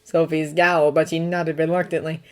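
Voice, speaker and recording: A woman reading fan fiction aloud in steady, even audiobook narration. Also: sits low, moderate pace. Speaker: fanfiction narrator.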